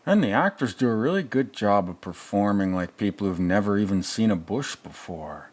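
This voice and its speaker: A man's voice: on the low side, animated, moderate pace. A man playing a crude, rambling older male movie reviewer who mutters sarcastic asides in a comedic reaction commentary.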